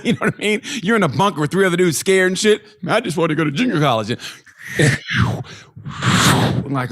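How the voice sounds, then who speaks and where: A man's voice: mid-range voice, animated, fast talker. Profane laughing podcast co-host man. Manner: profane, laughing, acts out quoted voices. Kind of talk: crude comedic banter.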